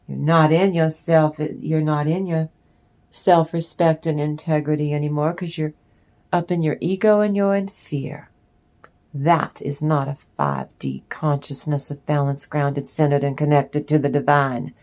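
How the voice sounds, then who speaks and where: Slow, blunt woman reading tarot. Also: low voice, steady tone, a little mellow. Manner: blunt and profane, emphatic. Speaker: tarot reader.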